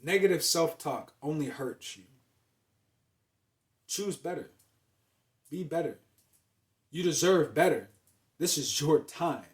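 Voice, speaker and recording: Young man, slightly high voice, emphatic motivational host, repetitive hype-up delivery. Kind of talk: motivational monologue.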